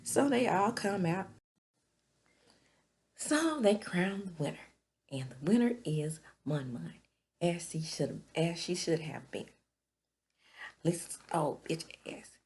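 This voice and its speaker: Brief: woman host, relaxed slow pace, gossipy recap with whispered asides. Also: fairly low pitch. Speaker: reality TV recapper. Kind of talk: casual recap commentary.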